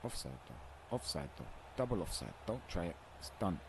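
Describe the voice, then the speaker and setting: A man's voice: sits low, very animated, moderate pace, vocal fry, noisy background. Swearing man ranting over a game. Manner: swearing, frustrated trash talk at teammates. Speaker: gaming streamer. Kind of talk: live gameplay commentary.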